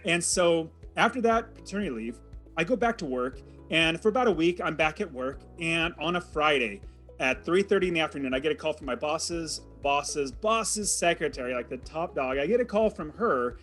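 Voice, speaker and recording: A man's voice: on the high side, animated, normal speed, fairly bright tone, faint music behind. Man telling a dramatic story. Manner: vivid, dramatic retelling with acted quotes. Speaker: podcast guest telling his story. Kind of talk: animated personal storytelling.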